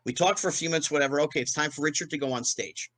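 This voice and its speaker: A man in his fifties from New Jersey, a guest in an interview, telling a fast anecdote and acting out the quotes with big jumps in pitch. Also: fairly bright tone, no echo. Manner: fast storytelling with acted-out quotes, rising pitch on punchlines. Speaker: guest, former child actor.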